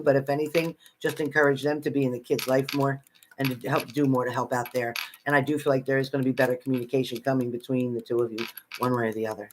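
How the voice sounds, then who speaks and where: Noise fills the background as a man with a mid-range voice delivers live spirit messages to viewers from home, chatty and repetitive, naming each person he addresses.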